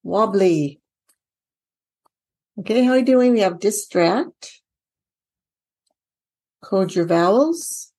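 Middle-aged woman teaching spelling, talks herself thru each step, asks u questions, ordinary mid pitch. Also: slow, pauses often, darkish tone, breathy edge. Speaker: dyslexia teacher trainer. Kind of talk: casual instructional walkthrough.

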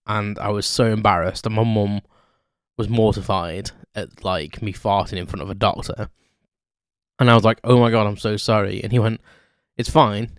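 A man's voice: on the low side, dry recording, studio quality. A man hosting a podcast, telling a story in a rambling, chatty, self-deprecating way with lots of ums. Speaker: podcast host. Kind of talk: unscripted storytelling monologue.

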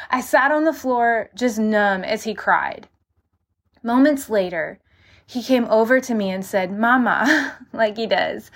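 A young woman hosting a devotional podcast, reading scripture and praying in a heartfelt way. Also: mid-range voice. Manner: heartfelt, prayerful, repeats "God" and "Father".

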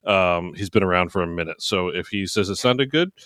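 A man hosting a podcast, speaking in a measured interviewer tone. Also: low voice, fairly bright tone, clear, resonant tone, no echo, studio quality. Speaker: podcast host. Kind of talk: casual podcast chat.

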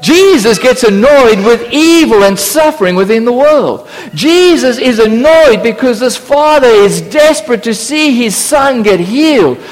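A man's voice: very high-pitched, lively intonation, measured pace, hardly any pauses, soft background music. A man preaching a sermon, acting out biblical voices with humorous asides. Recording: long reverb of a church hall.

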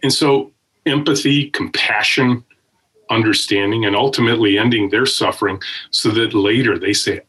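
A man's voice: lowish voice, normal speed, husky, rough recording. A man who is a guest and tech company founder, telling stories in conversation. He is emphatic and often adds "right?" to his points. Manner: animated, emphatic, with frequent "right?" tags. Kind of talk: conversational storytelling.

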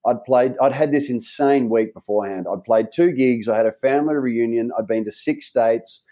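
A man's voice: mid-range voice, moderate pace, mellow. An Australian man, a guest in a casual conversation, telling a rambling story full of restarts. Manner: rambling, chatty, with frequent restarts.

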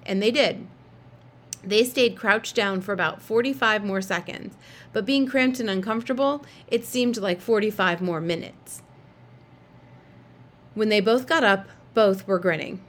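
A woman narrating a children's novel in a steady, expressive reading voice. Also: mid-range voice, unhurried. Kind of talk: storybook read-aloud.

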